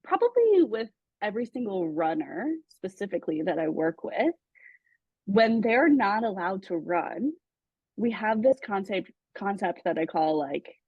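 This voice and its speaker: A woman's voice: medium pitch, very animated, measured pace, slightly rough, no room sound. A woman host and coach in a casual interview, asking reflective, supportive questions. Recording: dull lo-fi dry sound.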